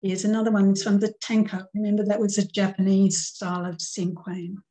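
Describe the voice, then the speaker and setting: A woman's voice: medium pitch, level tone, fairly quick, mellow, poor audio. A middle-aged woman teacher giving a recorded grammar lesson, patiently walking through examples and counting out syllables.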